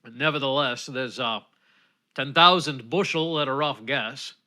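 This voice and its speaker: A man voicing a surly, gruff old male sea serpent in a spoken story, low and growling. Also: measured pace, pushed and bright.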